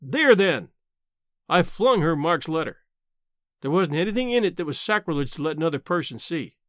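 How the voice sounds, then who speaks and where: High-voiced male story reader. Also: big pitch swings, moderate pace, fairly bright tone, no room sound, studio quality. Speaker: narrator. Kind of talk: reading a short story aloud.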